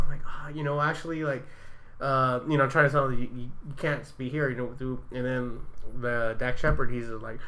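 Bright-voiced man telling stories. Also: medium pitch, steady tone, fairly quick. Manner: laughing storyteller, acts out quotes with swearing. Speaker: event security worker. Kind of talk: casual chat.

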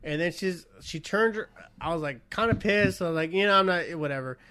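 A man's voice: high-pitched, brisk, bright, forceful tone. A man in his thirties telling a bar story in casual chat, acting out the quotes, laughing and swearing freely. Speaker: podcast co-host.

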